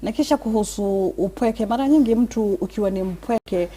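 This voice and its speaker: A woman speaks as a guest on a live talk show. Her voice is mellow and warm, and she is measured and earnest, weaving English into her Swahili. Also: mid-range voice, husky. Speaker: guest speaker, religious teacher.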